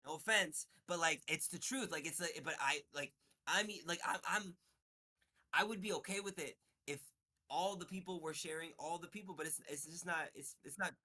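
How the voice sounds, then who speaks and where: A man talking as an interview guest in casual chat, halting and restarting, swearing, getting heated. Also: fairly high pitch, pushed and bright.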